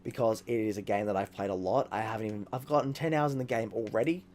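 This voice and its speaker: A man talking casually over a video game he is playing, excitable and rambling, swearing often. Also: lowish voice, fast, slight background noise. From Australia. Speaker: gaming YouTuber. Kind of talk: casual let's-play commentary.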